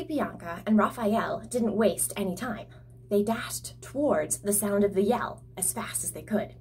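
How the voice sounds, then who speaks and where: Bubbly energetic woman reading a story. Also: on the high side, a little hiss or hum. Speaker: storyteller and author. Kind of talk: reading her own children's story aloud.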